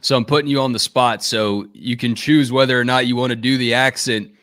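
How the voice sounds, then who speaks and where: A man's voice: medium pitch, fairly even intonation, a little fast, a bit bright, no echo. Easygoing male host on a dry mic. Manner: easygoing, laughs along, asks long questions. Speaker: show host. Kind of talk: interview conversation.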